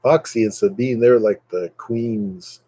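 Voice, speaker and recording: A man rambles and jokes through a casual live stream with his viewers. His pace is unhurried and his tone dark and mellow. The sound is dry and close, with no room around it. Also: slightly rough, no echo, poor audio. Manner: rambling, joking, puts on silly high voices for quotes.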